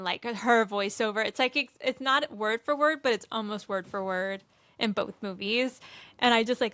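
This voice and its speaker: A young woman cohosting a podcast in casual chat, animated and retelling scenes with quoted voices. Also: mid-range voice.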